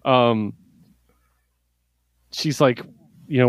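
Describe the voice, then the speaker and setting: Brief: male podcast co-host, mid-pitched, animated and profane comics recap, dry close mic. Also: moderate pace, dry recording. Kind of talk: casual comic book review chat.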